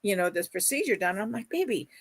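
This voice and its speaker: A woman's voice: mid-range voice, measured pace, a bit bright, dry recording. Chatty, gushing middle-aged woman. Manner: chatty, reads viewer comments aloud; affectionate and gushing. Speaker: livestream host. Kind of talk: casual livestream chat.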